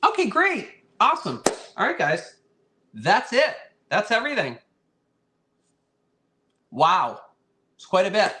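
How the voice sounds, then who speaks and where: A chatty, friendly man runs a live online vintage sale, his voice sitting a little higher than most men's. He talks casually to his viewers and keeps thanking them. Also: wildly swooping pitch, takes it slowly, pauses often, noisy background. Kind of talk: casual live-stream chat.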